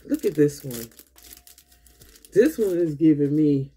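Husky, slow-talking woman gushing over makeup. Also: low-pitched. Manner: gushing, excitable, talks straight to viewers. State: tired and low on energy. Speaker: beauty vlogger. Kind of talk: casual unboxing chat.

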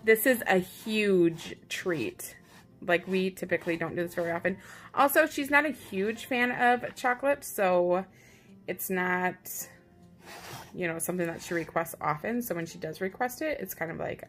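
A woman's voice: on the low side, expressive, moderate pace, soft background music. A woman hosting her own vlog, chatting casually and upbeat with a self-teasing streak as she walks through a how-to in her home kitchen. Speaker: parent and vlog host.

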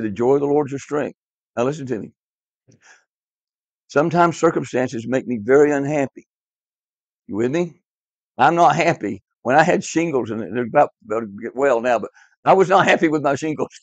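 A man's voice: medium pitch, moderate pace, long pauses, dry recording. A man teaching a class Bible lesson, emphatic and repetitive, quizzing his students in a classroom. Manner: emphatic, repeats key words, quizzes the class. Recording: dull lo-fi, dry.

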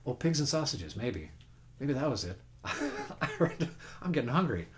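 A man's voice: medium pitch, sing-song, moderate pace, slight background noise. A man teaching guitar on a casual webcast, folksy and chatty, counting beats and humming notes as he plays. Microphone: home webcast mic. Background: own guitar playing.

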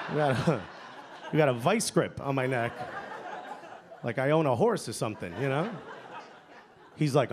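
A young man with a New York accent doing a stand-up set, playful, dropping his voice low and soft for punchlines. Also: animated, a little slow, pauses often. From New York area. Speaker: stand-up comedian. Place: comedy club stage with laughing audience. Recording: live club recording with crowd noise.

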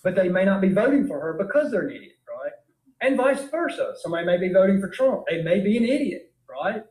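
A man's voice: sits high, very animated, fast talker, a little mellow. A man with a Southern US accent lecturing a philosophy class in a conversational way, often checking in with "right?". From Georgia, US. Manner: conversational, keeps asking "right?". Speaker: philosophy teacher. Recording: echoey classroom.

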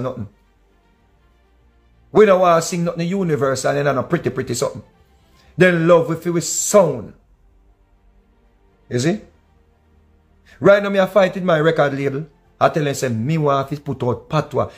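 Jamaican guy ranting casually, patois mixed w english, a bit high voiced, some faint music underneath. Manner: animated, mixes Jamaican patois with English, sings snatches of songs. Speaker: commentator. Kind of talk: casual commentary.

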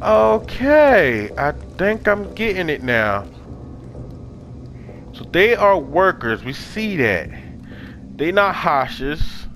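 Animated young man doing game commentary. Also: high-pitched, slow pace, pauses often, a little hiss or hum. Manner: animated, talks to game characters in slang, swears often. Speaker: gaming channel host. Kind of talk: casual let's-play commentary.

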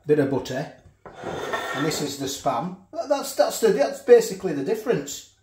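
A chatty food vlogger talks casually while tasting, sometimes with his mouth full. His voice sits a little high for a man. The kitchen around him rings with noticeable echo. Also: sing-song, moderate pace, warm tone.

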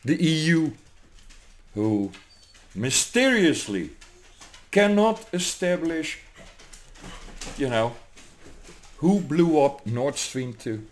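A man from Germany, delivering an angry, profane political rant to camera, swinging between loud outbursts and low, menacing muttering. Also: big pitch swings, very slow, pauses often. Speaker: vlogger.

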